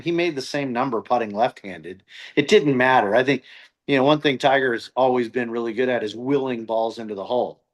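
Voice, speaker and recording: Middle-aged male coach, chatty guest, does voices in his anecdotes. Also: mid-range voice. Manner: animated storyteller who acts out quoted voices. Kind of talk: casual storytelling interview.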